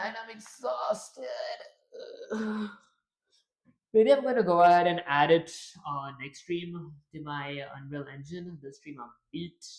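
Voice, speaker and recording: Rambling young streamer in a roomy room. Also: mid-range voice. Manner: rambling, self-talking, trailing restarts. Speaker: live-stream game developer. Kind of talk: casual live-stream chatter. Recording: roomy echo.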